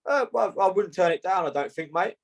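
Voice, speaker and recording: A young man, a boxer chatting casually in an interview, laid-back and halting, often saying "mate" between fillers. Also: high voice, expressive, poor audio.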